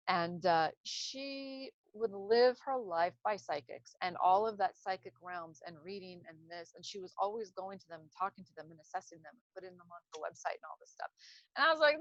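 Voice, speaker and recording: A woman's voice: fairly low pitch, no room sound. Woman talking casually, dull lo-fi recording. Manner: rambling, searching for words, frequent restarts. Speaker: speaker on trauma recovery. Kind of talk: casual unscripted talk to camera.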